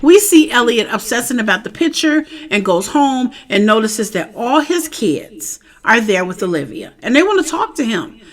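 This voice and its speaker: A woman's voice: fairly high pitch, sing-song, moderate pace, few pauses. A woman giving a casual, chatty recap of a TV episode, often asking "you know what I'm saying?". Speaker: TV show reviewer.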